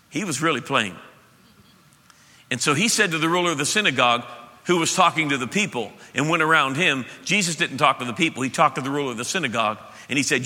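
A middle-aged male pastor preaches with impassioned emphasis, his voice a little high and very bright. The sound rings with the long reverb of a church hall. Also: fast talker. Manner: impassioned, emphatic preaching that swings from loud to soft. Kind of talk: sermon. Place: church sanctuary.

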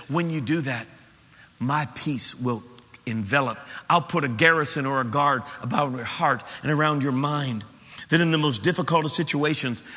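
A man preaching a sermon as pastor, animated, acting out voices and swinging between loud passages and hushed ones. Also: mid-range voice. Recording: long hall reverb.

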